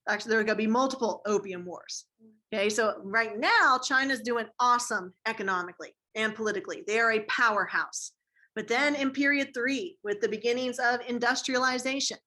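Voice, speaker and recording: In a classroom lecture, a woman teaches history in a casual, slangy style, throwing questions to her students as she goes. Her voice is on the high side with a sharp tone.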